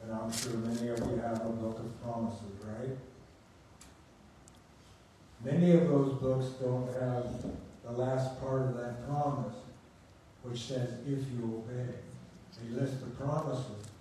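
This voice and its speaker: A man's voice: mid-range voice, steady tone, unhurried, long pauses, mellow. An older man preaching a sermon, telling personal stories in a conversational way and laughing at them. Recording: echoey room, distant mic, faint hum.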